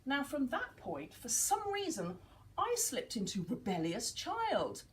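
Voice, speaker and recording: Animated woman teaching casually. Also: fairly high pitch, takes it slowly, slight background noise, low-quality recording. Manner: animated, acts out dialogue in quotes.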